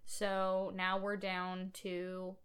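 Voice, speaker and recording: Co-host, woman, bright tone, expressive storyteller, acts out the dialogue. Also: mid-range voice, very slow, clear, resonant tone. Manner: expressive, acts out quoted lines. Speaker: podcast co-host. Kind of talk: casual chat retelling a film.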